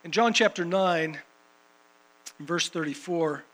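A man's voice: a little high, takes it slowly, a bit bright, low-quality recording. A man preaching a sermon and reading scripture, emphatic, repeating phrases for rhythm.

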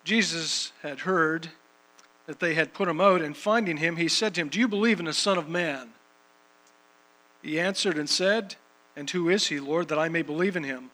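A man's voice: a little high, normal speed, sharp tone, rough recording. A man preaching a sermon and reading scripture, emphatic, repeating phrases for rhythm.

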